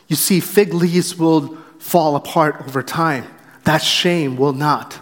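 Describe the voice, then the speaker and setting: A man with a fairly high voice preaches an earnest sermon, stopping to act out quick quotes and restarting his phrases mid-thought. His words ring through a church sanctuary with a long reverb. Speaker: pastor.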